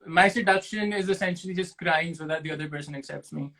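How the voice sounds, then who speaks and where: A young man from Pakistan sits as a guest and fields quick-fire questions. His voice is bright and forward, set a little high for a man, and he answers casually. He pokes fun at himself and thinks out loud as he goes. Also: poor audio. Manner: self-deprecating, thinks aloud with restarts.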